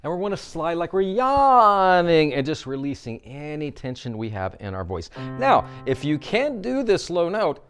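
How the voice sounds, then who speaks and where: A man's voice: fairly high pitch, sing-song, normal speed, hardly any pauses, fairly bright tone, smooth, faint music behind. Upbeat male vocal coach leading exercises. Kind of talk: instructional vocal warmup.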